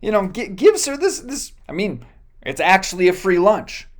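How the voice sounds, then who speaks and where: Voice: medium pitch, very animated, moderate pace. A pastor giving a sermon, retelling a Bible story in a casual, joking way with many fillers and self-corrections.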